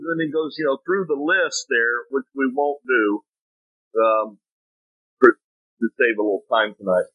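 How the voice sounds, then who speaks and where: A man preaching a sermon, telling folksy stories with sudden jumps in pitch. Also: unhurried, husky. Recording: tinny phone-like audio.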